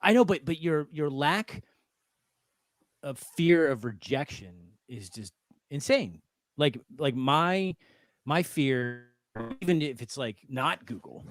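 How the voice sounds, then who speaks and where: Animated, self-deprecating man, dry close sound. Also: mid-range voice, no echo. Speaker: guest developer. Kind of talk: casual chat.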